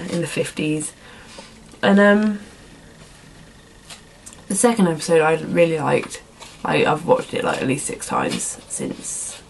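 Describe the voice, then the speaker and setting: A woman's voice: mid-range voice, slight background noise, poor audio. A young woman answering viewer questions in a casual vlog, rambling and filling her talk with "like" and "um" in a put-on accent. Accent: put-on accent, not her own. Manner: rambling, lots of "like" and "um".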